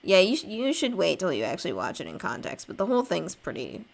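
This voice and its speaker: Young woman with a gravelly, lively voice. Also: lowish voice, fast talker. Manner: rambling, self-deprecating, chatting with viewers. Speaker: streamer drawing live. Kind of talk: casual livestream chat.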